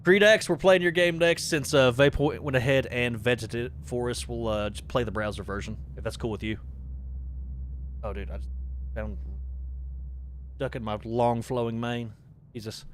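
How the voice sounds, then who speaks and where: A man's voice: medium pitch, steady tone, normal speed, long pauses, slight background noise. A young man streaming a horror game live, chatting and rambling between startled yelps and swearing. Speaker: gaming streamer. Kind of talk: live horror gameplay commentary.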